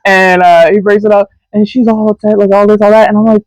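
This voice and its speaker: A man's voice: high-pitched, fast, hardly any pauses, dry recording, low-quality recording. A young man co-hosting a podcast, telling a story in casual chat and acting out the voices of the people in it. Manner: animated storyteller who acts out quoted voices. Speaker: podcast co-host.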